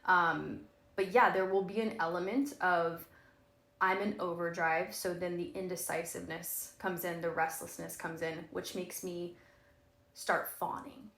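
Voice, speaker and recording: A podcast co-host chats casually and candidly, laughing often, trailing off and restarting, and swearing frequently. Her voice is fairly low, gravelly, and a bit bright, with fairly even intonation and a measured pace, recorded in an echoey room.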